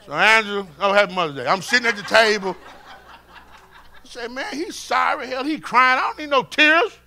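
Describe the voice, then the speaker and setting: A male pastor, preaching a sermon and moving from shouts and call-and-response to quiet, close talk. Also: very high voice, huge pitch swings, a little slow, pauses often. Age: 50s. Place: church sanctuary with congregation.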